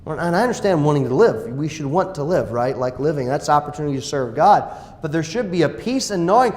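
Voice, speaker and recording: A male pastor preaching a sermon, dropping to quiet asides and rising to loud exclamations. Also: fairly high pitch, expressive, fast, slight background noise. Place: church sanctuary. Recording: echoey church hall.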